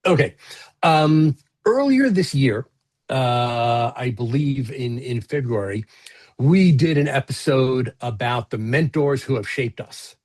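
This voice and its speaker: Husky-voiced man rambling on a podcast. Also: medium pitch, lively intonation, takes it slowly, a little mellow. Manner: rambling, profane, many fillers and restarts. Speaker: podcast co-host. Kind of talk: casual chat.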